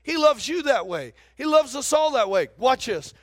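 Male pastor with a very high voice, animated sermon delivery, calls out to the congregation, dry close sound. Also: moderate pace, no echo.

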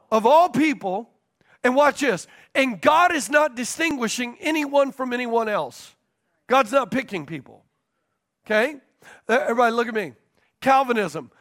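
In a very high-pitched, somewhat bright male voice, a preacher delivers a teaching sermon. He repeats his main points for emphasis and keeps checking in with the congregation.

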